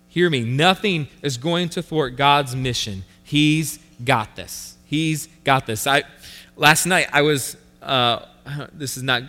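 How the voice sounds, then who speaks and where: Male pastor, earnest sermon delivery with repeated lines, slightly high voice, sanctuary reverb. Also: sharp tone. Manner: earnest preaching with repetition for emphasis. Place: church sanctuary.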